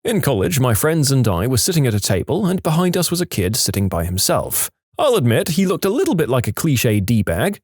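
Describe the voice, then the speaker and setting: A man narrating reddit stories aloud in a lively storytelling manner, voicing the quoted lines. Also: medium pitch, a little fast, few pauses, breathy edge, no room sound, studio quality.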